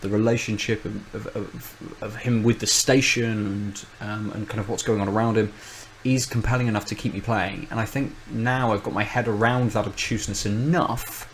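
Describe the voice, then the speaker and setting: A man's voice: fairly low pitch, steady tone, normal speed, hardly any pauses, slight background noise, low-quality recording. A man, co-host of a podcast, in casual chat, rambling and thinking aloud with many restarts.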